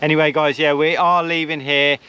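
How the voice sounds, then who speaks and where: An easygoing man with a slightly high voice, vlogging from a camper van. He talks casually and makes wry asides. Clear vehicle noise runs behind him. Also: flat delivery, a little fast, pushed and bright, muffled recording. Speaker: travel vlogger. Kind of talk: casual chat.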